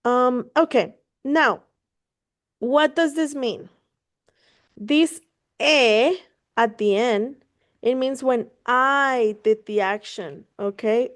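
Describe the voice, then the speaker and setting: Slow, higher-pitched woman tutoring Spanish. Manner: casual, encouraging, swears offhandedly, laughs easily; mixes Spanish into English explanations. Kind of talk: online one-on-one language lesson.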